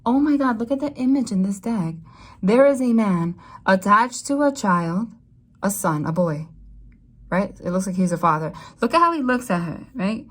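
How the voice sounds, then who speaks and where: A young adult woman gives a casual tarot reading to camera at normal speed and medium pitch. She rambles emotionally, her voice jumping suddenly with excitement.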